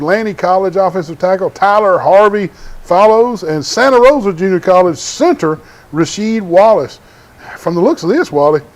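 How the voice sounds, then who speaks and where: A man's voice: sits high, darkish tone. A man co-hosting a casual sports talk show, chatty and enthusiastic.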